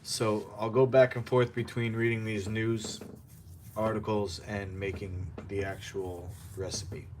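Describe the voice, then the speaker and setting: A man's voice: fairly low pitch, level tone, unhurried, noisy background. Sarcastic man reading news at home. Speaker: host of a home news show. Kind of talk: casual news commentary while cooking. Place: apartment kitchen.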